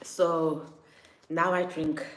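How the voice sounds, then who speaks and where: A South African woman vlogging a casual opinion monologue, animated and mimicking others in exaggerated quotes. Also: low-pitched, very slow. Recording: echoey room.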